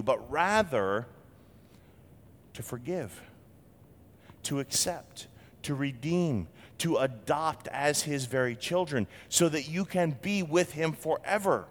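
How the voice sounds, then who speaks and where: Animated male preacher in a reverberant hall. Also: unhurried. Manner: animated, acts out quotes with big swings in pitch. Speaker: pastor. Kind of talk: sermon.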